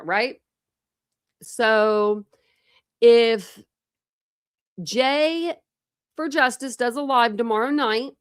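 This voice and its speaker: A woman with a slightly high voice hosts a true crime livestream, chatting casually with her viewers and thinking out loud, often restarting her sentences. The audio is studio quality with no room sound.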